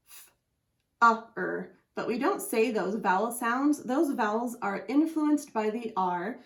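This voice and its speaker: A woman teaching a phonics lesson, patiently sounding out letters and syllables as she explains a chart. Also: medium pitch. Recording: echoey room.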